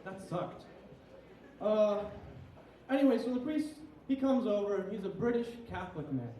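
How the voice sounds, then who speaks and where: A man's voice: sits high, expressive, moderate pace, warm tone, slight background noise. A young man, a little tipsy, doing a crude, rambling, self-deprecating stand-up comedy set at a small venue. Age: young adult. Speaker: stand-up comic. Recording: echoey room, heard from a distance.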